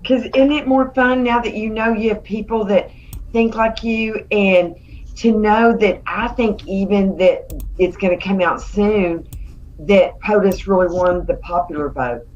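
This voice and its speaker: A woman chatting casually as a co-host, telling stories in an animated way. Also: medium pitch, measured pace. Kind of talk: casual chat. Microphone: video call. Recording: dull lo-fi stream audio with faint noise.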